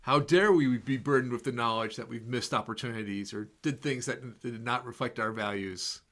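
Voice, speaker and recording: A man preaching a sermon in a slow, measured, reflective way, letting repeated words fall soft and quiet. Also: mid-range voice.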